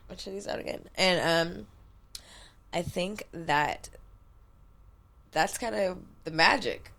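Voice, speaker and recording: A woman's voice: lowish voice, slow, gravelly, fairly bright tone. A woman co-hosting a podcast as a sexologist, talking candidly and swearing freely in casual chat from a recording studio.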